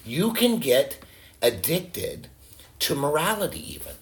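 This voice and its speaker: A man's voice: fairly high pitch, wildly swooping pitch, measured pace. A man preaching as a pastor, telling a story in a conversational way with frequent restarts. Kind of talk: storytelling sermon.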